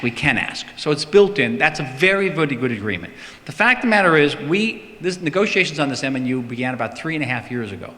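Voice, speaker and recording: Man, bright forceful voice, emphatic speaker fielding questions, long hall reverb. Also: mid-range voice. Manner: emphatic, repeats words for stress. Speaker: politician answering audience questions. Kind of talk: public talk with Q&A. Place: synagogue hall.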